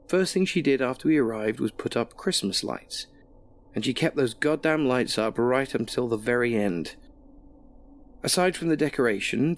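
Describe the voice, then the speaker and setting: A man narrating a first-person horror story in a measured, wry way. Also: mid-range voice.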